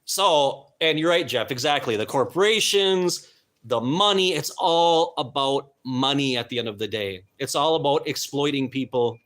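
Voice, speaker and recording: A man's voice: mid-range voice, lively intonation, normal speed, fairly bright tone. A man hosting a live stream, talking in an earnest, emphatic way and stumbling now and then over names and words. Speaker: host.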